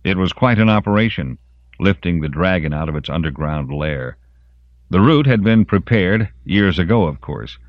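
Deep male narrator, lively intonation, audiobook narration, dry muffled recording. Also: normal speed, dry recording. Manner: expressive storytelling. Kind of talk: scripted narration.

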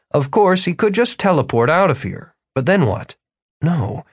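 Expressive male audiobook narrator. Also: mid-range voice, no room sound, clean studio sound. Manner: expressive storytelling. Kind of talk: scripted narration.

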